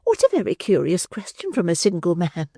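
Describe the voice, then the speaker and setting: A narrator voicing a stern, hard-hearted workhouse matron in an audiobook, sharp and indignant. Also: medium pitch, huge pitch swings, fairly quick, vocal fry, husky, no room sound, clean studio sound, pitched above the performer's own voice, heavily acted. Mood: flustered. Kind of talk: audiobook character voice.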